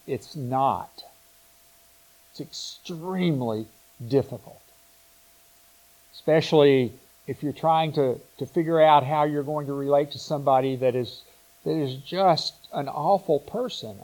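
A man preaching a sermon in a slow, reflective way, pausing and restarting his phrases as he thinks aloud. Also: mid-range voice, a little mellow, low-quality recording.

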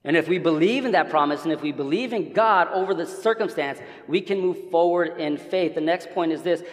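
A man with a fairly high voice preaches to his congregation in a relaxed, chatty way, stumbling over his own words and starting again as he goes. The sound carries a long church reverb. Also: fairly quick. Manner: casual, conversational preaching with many restarts. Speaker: pastor. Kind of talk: sermon. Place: church sanctuary.

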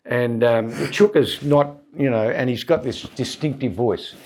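A man, a comedian guest telling self-deprecating anecdotes in a relaxed, rambling interview. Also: medium pitch, unhurried. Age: 70s. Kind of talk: casual interview storytelling.

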